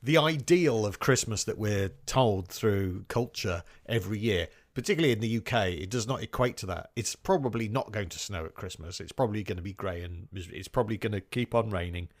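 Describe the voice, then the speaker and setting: A man's voice: on the low side, lively intonation, a little fast, hardly any pauses. A man co-hosting a music podcast in casual chat, earnest and reflective, reading out quotes. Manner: earnest, reads out quotes, chuckles now and then. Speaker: podcast co-host.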